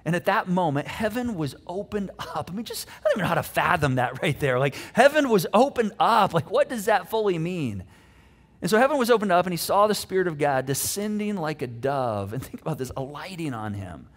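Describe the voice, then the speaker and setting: High-voiced, conversational male preacher. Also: brisk. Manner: conversational, animated, storytelling with many fillers. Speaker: pastor. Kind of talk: casual sermon.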